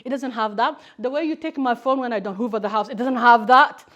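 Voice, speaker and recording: A cheeky teenage girl chattering quickly and bluntly, as a woman puts her on. The voice sits higher, teasing without pause. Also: a bit bright, lightly acted.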